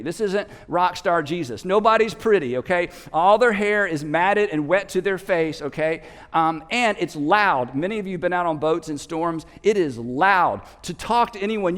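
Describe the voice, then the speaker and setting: Animated high-voiced pastor preaching in a hall. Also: male voice. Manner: animated storytelling, shouting out the disciples' lines. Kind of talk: sermon. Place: church auditorium.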